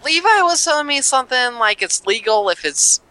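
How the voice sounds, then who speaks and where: A man co-hosting a podcast, rambling in relaxed casual chat. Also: extremely high pitch, normal speed, clear, resonant tone, no echo. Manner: rambling, laid-back, many fillers. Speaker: podcast co-host.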